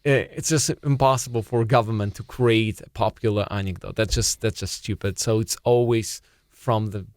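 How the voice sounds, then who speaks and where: A man with a Russian accent, chatting as a comedian co-host, halting and restarting as he tells a joke story. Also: fairly low pitch, fairly even intonation, darkish tone, dry recording, clean studio sound. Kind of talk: casual chat.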